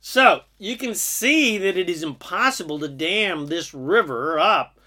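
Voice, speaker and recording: A man giving an earnest, sermon-like spiritual talk, drawing out his phrases slowly. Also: high-pitched, lively intonation, sharp tone. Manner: slow, earnest, sermon-like delivery with drawn-out phrases. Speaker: spiritual speaker. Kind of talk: inspirational monologue.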